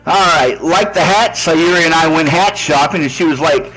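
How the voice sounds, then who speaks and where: A man's voice: a little high, normal speed, fairly bright tone, low-quality recording. A man cutting a trash-talking wrestling promo, sarcastic and taunting, with mock-sweet jabs. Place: online wrestling show with commentary table.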